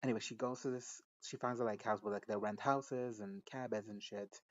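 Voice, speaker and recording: A man's voice: on the low side, fairly even intonation, a little fast, muffled recording. Rambling, giggly man recapping a show. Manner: rambling, profane, giggly, self-interrupting. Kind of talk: casual recap and reaction.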